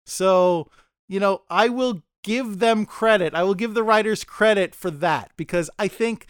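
A man's voice: sits high, measured pace, smooth, no echo, studio quality. A man co-hosting a casual podcast discussion, rambling and often stammering as he restarts his sentences. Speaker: podcast co-host.

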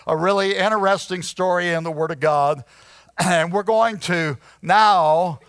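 Male pastor, high and unhurried, sermon with frequent throat clearing, dry sound. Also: a bit bright, no room sound. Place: church.

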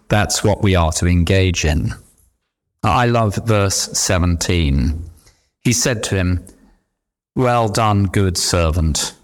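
A middle-aged man preaching a sermon, emphatic, with repeated refrains. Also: on the low side. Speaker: pastor.

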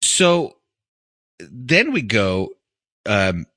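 A man's voice: fairly low pitch, sing-song, very slow, pushed and bright, dry recording, studio quality. A middle-aged man co-hosting a podcast, telling a story in casual, profane chat and laughing often. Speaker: podcast co-host.

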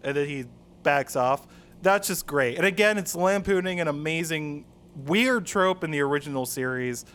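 A man's voice: a little high, moderate pace, fairly bright tone, clear, resonant tone. A man co-hosting a casual podcast, enthusiastically retelling favorite movie scenes. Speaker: podcast co-host. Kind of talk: casual film discussion.

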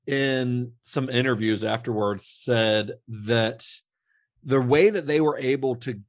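With a medium-pitched voice captured at studio quality and without room sound, a man co-hosts a podcast. Easygoing and rambling, he chats about film trivia, restarting sentences and leaning on fillers often.

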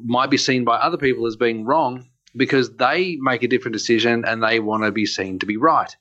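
A man hosts a podcast, speaking earnestly in a mid-range voice. He pauses and restarts as he looks for the right words. The sound is slightly dull and lo-fi. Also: medium pitch, a bit bright. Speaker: podcast host. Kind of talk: reflective conversational commentary.

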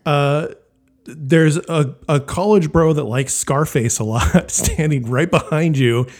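A man's voice: fairly high pitch, slow pace, a little mellow. A man co-hosting a podcast in casual chat, laughing often and trailing off into restarts. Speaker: podcast co-host.

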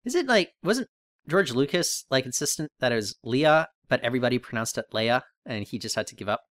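A man's voice: mid-range voice, sing-song, fast, a bit bright, no room sound. Rambling male podcast co-host, dry sound. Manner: rambling, thinking aloud with many restarts. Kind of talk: casual podcast chat.

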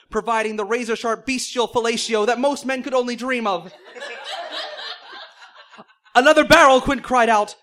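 A man's voice: high-pitched, fairly bright tone. A man reading silly fan fiction aloud in mock-serious narration, often breaking into laughter. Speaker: comedic reader.

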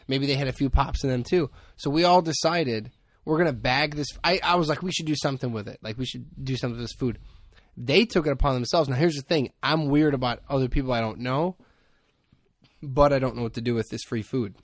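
A man's voice: mid-range voice, fairly quick, dry recording, studio quality. A man, hosting a podcast and telling rambling, jokey stories in casual chat. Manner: joking storyteller, rambling asides. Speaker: podcast host.

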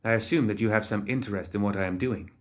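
A cold, composed necromancer woman, read by a man in an audiobook. She speaks quietly, in short, clipped lines. The voice sits fairly low. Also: fast, natural voice. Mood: curt.

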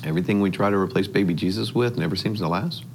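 A man acting as a goofy, oblivious dad in a comedy sketch, talking in an excitable, rambling way. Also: deep voice, quick pace, a little hiss or hum. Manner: excitable, rambling, lively delivery.

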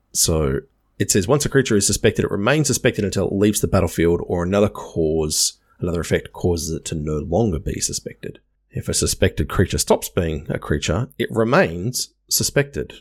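A man co-hosting a podcast, calmly explaining card game rules step by step in a casual, matter-of-fact way. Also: low voice, gravelly. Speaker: podcast co-host.

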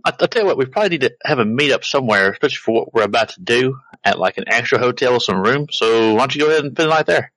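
Quick, jokey man at a game table. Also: mid-range voice, lively intonation, a bit bright, dry recording, low-quality recording. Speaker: tabletop player. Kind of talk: casual game talk, in character.

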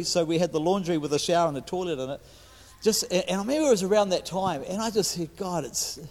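A man in his fifties with a New Zealand accent and a high-sitting voice preaches as a guest speaker in an echoey hall. He stumbles over restarts and swings between loud and hushed delivery.

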